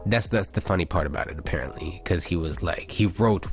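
Laid-back low-voiced man co-hosting. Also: brisk, soft background music. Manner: laid-back, reads jokes aloud, laughs along. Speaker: radio show co-host. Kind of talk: casual radio chat, reading listener messages and jokes.

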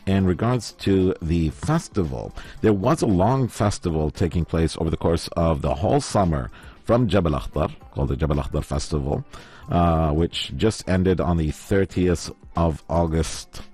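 A man's voice: deep voice, animated, normal speed, warm tone, slightly rough, soft background music. A man hosting a live morning radio show from the studio, chatting casually and reading out listener messages, with a slight lisp. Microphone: studio microphone.

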